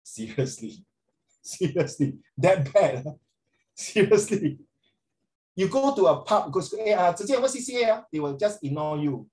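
Tutor with a Singaporean accent, middle-aged man, slightly high voice, lively and questioning. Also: a little fast. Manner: animated, code-switching, questions students by name. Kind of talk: online class lesson.

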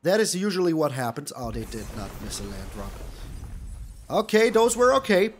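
A man's voice: on the high side, very animated, normal speed, slight background noise. A man hosting a gaming channel, giving live gameplay commentary with theatrical groans and pleas at his opponent.

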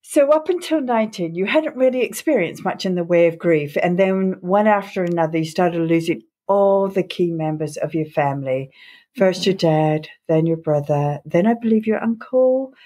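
A woman hosting a podcast interview, speaking slowly, gently and earnestly. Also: lowish voice. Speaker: podcast host.

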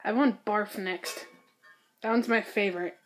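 A young woman chatting casually with a friend, loud, blunt and dramatic, often laughing through her words. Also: mid-range voice, a little slow, over music. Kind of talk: casual chat.

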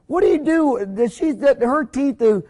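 A man's voice: extremely high pitch, animated, normal speed, mellow, pitched above the performer's own voice. A man acting out a confused, suspicious husband of about seventy who stammers his questions.

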